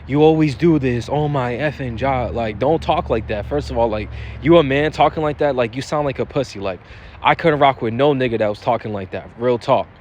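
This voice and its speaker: A young man talks straight to his viewers in a casual advice vlog. His voice sits at an ordinary middle pitch. His delivery is blunt and profane, and he restarts and repeats phrases as he drives his points home. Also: brisk, slight background noise. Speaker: dating advice vlogger. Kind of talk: casual advice monologue to camera.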